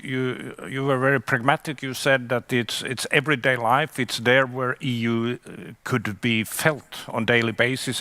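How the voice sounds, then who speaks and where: A man's voice: medium pitch, pushed and bright, no room sound. A man moderating a panel, asking probing questions and correcting himself as he goes.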